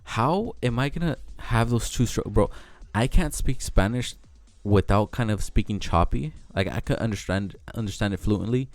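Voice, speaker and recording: Low-voiced young man, rambling vlog chat. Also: normal speed, few pauses, no room sound. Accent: Mexican American. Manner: rambling, self-interrupting, swears casually. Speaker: vlogger. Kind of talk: casual rambling monologue.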